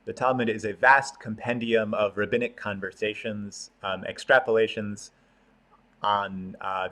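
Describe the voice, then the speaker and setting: A man's voice: lowish voice, fairly bright tone. A man teaching an online class on prayer, explaining terms patiently with frequent fillers and restarts.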